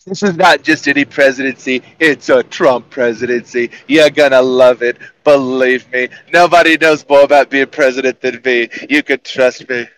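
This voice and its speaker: A man doing a loud, boastful impression of a famous president in a bragging, salesman-like voice. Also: medium pitch, normal speed, few pauses, close to an everyday voice, rough recording. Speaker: co-host.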